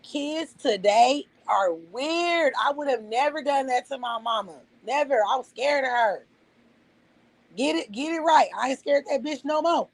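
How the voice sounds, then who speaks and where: A middle-aged woman rants emotionally on her livestream, heated and profane, repeating phrases for emphasis. Her voice is high, and the audio is dry and of poor quality.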